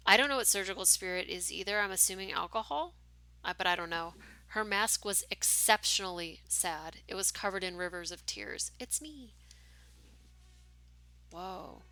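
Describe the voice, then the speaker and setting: Gravelly-voiced woman streamer reading a game. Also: medium pitch, lively intonation, measured pace, sharp tone, dry recording. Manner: casual asides with fillers between narration. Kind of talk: reading a story game aloud with commentary.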